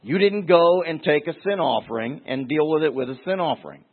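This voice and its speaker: Male Bible teacher, verse by verse, emphatic with repeated words, slightly high voice, tinny phone-like recording. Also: expressive, fairly quick, slightly rough.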